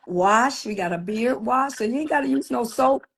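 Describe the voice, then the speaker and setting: A woman in a relaxed livestream conversation, her voice sitting a little high. She spins lively stories, acting out what others said and laughing between lines. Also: moderate pace, slightly rough. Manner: lively storyteller, laughs often, animated quoted voices. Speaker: guest, gospel singer and cosmetics entrepreneur. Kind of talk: casual chat on a livestream. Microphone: video call.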